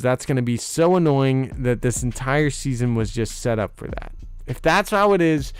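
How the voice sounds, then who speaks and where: Excitable man hosting a chatty livestream. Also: mid-range voice, normal speed, clear, resonant tone, dry recording. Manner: excitable and chatty, often laughing and teasing viewers. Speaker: host of a fan channel livestream. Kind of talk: casual livestream chat reacting to viewer comments.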